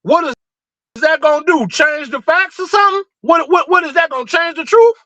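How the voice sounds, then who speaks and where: A man's voice: very high-pitched, lively intonation, a little fast, bright, forceful tone, no room sound, low-quality recording. A man hosting a livestream, ranting in a fired-up, blunt and profane way, full of rhetorical questions. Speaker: livestream host. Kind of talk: heated livestream rant.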